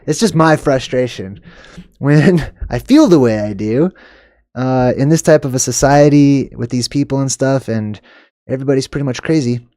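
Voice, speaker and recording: A man's voice: medium pitch, moderate pace, no echo, studio quality. A man hosting a video, casually talking over news clips in a rambling way, laughing and dropping into muttered asides. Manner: rambling, chuckling, swings from loud to muttered asides.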